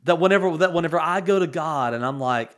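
A man's voice: on the high side, fast, fairly bright tone. A man in his forties telling a tender family story on a talk show, rambling with many restarts and fillers. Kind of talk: storytelling in casual chat.

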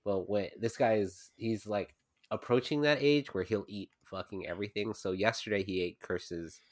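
A man's voice: on the low side, moderate pace, dry recording, clean studio sound. A young adult man co-hosting a podcast in casual chat, rambling through anecdotes with lots of swearing and laughter. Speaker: podcast co-host.

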